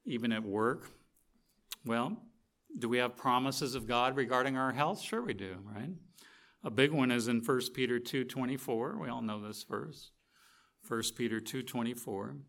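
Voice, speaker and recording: A middle-aged man preaching a sermon, telling a story with lively, animated energy and acting out the quotes. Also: mid-range voice, moderate pace.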